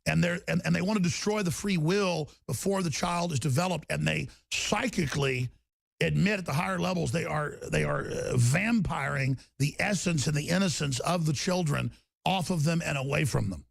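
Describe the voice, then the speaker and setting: Man, radio talk host, raised pitch, gravelly rasp, intense rant, stammers, shouts. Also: moderate pace, dry recording.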